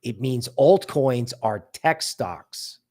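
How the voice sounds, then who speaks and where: On his crypto livestream, a man with a mid-range voice speaks slowly yet animatedly and casually. He sarcastically mock-quotes others to make fun of their worries.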